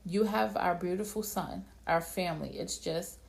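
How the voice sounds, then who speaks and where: A woman's voice: lowish voice, normal speed, vocal fry. A woman reading out the lines of a jealous, abusive man who curses and threatens, then pleads, in a first-person story. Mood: pleading. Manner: yelling, cursing, then pleading.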